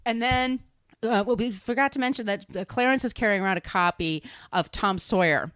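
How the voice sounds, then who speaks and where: A woman's voice: mid-range voice, brisk, a bit bright, clean tone, no room sound. A woman podcast host recapping a film in a chatty, rambling way, laughing at herself. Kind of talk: casual movie recap.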